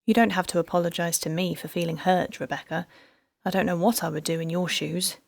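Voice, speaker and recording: A woman's voice: on the low side, fairly even intonation, brisk, creaky, dry recording. An audiobook narrator, a woman, voicing a heartbroken female detective who tells her past with wry bitterness. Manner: wry, rueful storytelling.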